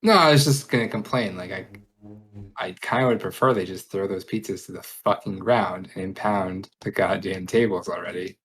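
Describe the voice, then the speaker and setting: A man co-hosting a stream with a very low voice, dropping blunt, dry remarks and casual swearing. A faint hiss sits under his mic. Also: normal speed, fairly bright tone. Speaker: stream co-host. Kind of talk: casual reaction commentary.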